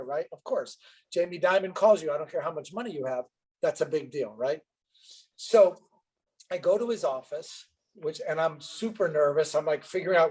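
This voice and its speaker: A middle-aged businessman, a podcast guest, telling an anecdote in an animated way and acting out both sides of the dialogue. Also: on the high side, moderate pace, breathy edge, poor audio. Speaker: guest entrepreneur. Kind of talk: storytelling interview answer.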